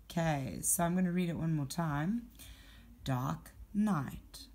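A woman teacher reading a children's poem aloud and talking through a worksheet, patient and clear, guiding step by step. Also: fairly low pitch, measured pace.

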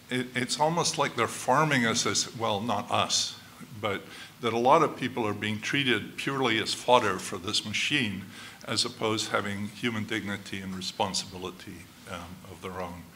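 Bright-voiced older man with faint room hum. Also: on the low side. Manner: thoughtful, hesitant, lots of fillers. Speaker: seminar discussant. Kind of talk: academic panel discussion.

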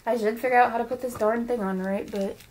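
A young woman with a Midwest American accent, chatting excitedly as she opens fan mail for her vlog and talks to her dolls. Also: a little high, fast, a little hiss or hum. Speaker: vlogger opening fan mail. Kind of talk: casual vlog unboxing.

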